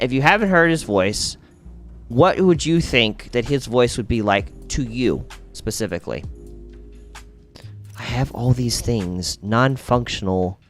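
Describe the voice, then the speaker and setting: A man hosts a relaxed live gaming stream, talking to his viewers as he plays. His voice sits at an ordinary middle pitch but swings up and down with real animation. He thinks aloud in a chatty way over faint background music. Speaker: streamer hosting a faith-based gaming stream. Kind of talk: casual live-stream chat while gaming.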